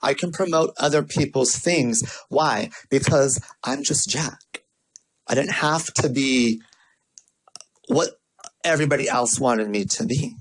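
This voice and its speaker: A man giving a motivational marketing talk, animated and repetitive, telling stories with playful asides. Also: mid-range voice, measured pace, low-quality recording. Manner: lively, repetitive, storytelling delivery with playful asides. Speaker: marketing speaker.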